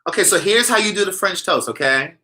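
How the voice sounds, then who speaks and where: A man hosting a casual vlog, talking to camera in an animated, sassy, teasing way. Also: high-pitched, brisk. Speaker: vlogger host.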